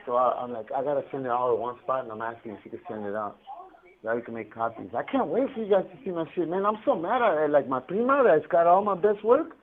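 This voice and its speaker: Man, casual prison-call storyteller, swears and laughs a lot, raised pitch, phone-line sound. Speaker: incarcerated caller.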